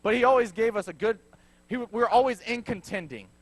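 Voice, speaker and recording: A young man in his twenties gives a sermon in a church. He tells it as a joking personal story and often drops into low, wry asides. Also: fast talker, no echo. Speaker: preacher.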